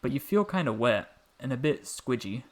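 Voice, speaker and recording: A man's voice: mid-range voice, sing-song, normal speed, lightly acted. A man putting on an eager little boy. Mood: playful. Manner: eager, questioning. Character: curious, earnest little boy.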